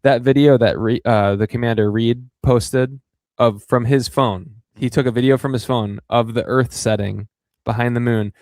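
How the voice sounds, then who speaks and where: A man hosting a podcast, chatting in a relaxed and easy way. His voice sits at a mid pitch and is recorded dry and close. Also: normal speed, no echo. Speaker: podcast host. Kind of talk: casual podcast chat.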